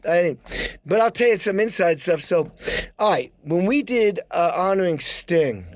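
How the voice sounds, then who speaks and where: A middle-aged man telling backstage stories on a podcast, animated, acting out what people said and humming rhythms aloud. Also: unhurried, dry recording. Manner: animated, acts out quotes with excited jumps in pitch. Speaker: podcast guest. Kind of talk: casual storytelling chat.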